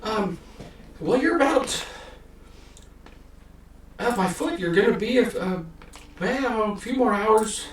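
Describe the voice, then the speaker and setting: A man's voice: animated, slow, pauses often. A man voicing a fussy, flustered old male halfling cart driver in a tabletop game. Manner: squeaky, flustered exclamations. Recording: roomy, distant, noisy room mic.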